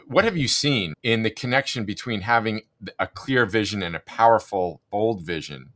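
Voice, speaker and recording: A man hosting a podcast interview, asking long, measured questions. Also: lowish voice, expressive, fairly bright tone. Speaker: podcast host.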